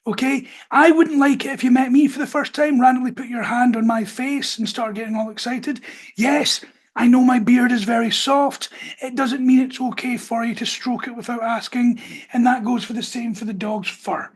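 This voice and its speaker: Male podcast host, husky, direct and firm, casual advice delivery. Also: extremely high pitch, steady tone, moderate pace. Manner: direct, firm instructions with stretched-out emphasis. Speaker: podcast host, dog trainer.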